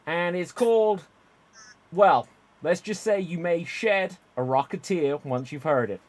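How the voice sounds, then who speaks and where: A man's voice: fairly high pitch, unhurried, close to an everyday voice. A man playing a folksy male country singer with a put-on Southern US drawl and a hammy showman manner.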